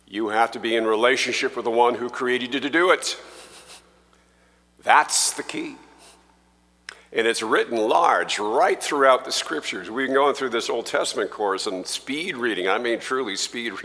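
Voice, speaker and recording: Slow, bright-voiced preacher in a reverberant church. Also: male voice, mid-range voice. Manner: slow, emphatic preaching that rises when quoting scripture. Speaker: pastor. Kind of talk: sermon. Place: church sanctuary.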